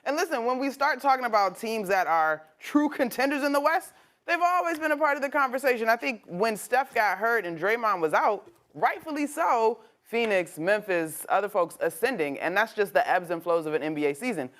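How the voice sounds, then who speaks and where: A woman's voice: fairly high pitch, expressive, brisk. A woman sports analyst on a debate show, conversational and analytical. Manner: conversational, analytical, with laughing asides.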